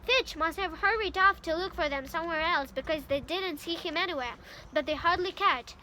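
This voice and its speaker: A woman's voice: very high-pitched, normal speed, pushed and bright, a little hiss or hum. A woman from Ukraine reads a novel aloud in English, reading carefully and sometimes stumbling and restarting. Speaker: reader.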